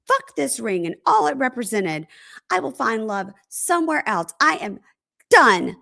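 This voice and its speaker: A jilted woman venting in exasperated, dramatic outbursts, as a woman acts her out. Her voice swings widely in pitch, with a gravelly edge. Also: very animated, normal speed. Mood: resigned. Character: fed-up jilted woman ranting about men.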